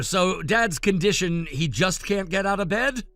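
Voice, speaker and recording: A man's voice: high-pitched, unhurried, a bit bright. A man voicing an adult son who answers his sister in a brusque, dismissive way. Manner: brusque, defensive. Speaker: narrator reading a text story. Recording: dry, faint music behind.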